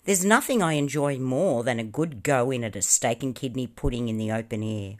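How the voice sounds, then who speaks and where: A woman voicing a polite, gentlemanly male koala with a courteous, genteel manner. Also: a bass voice, a little fast. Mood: delighted.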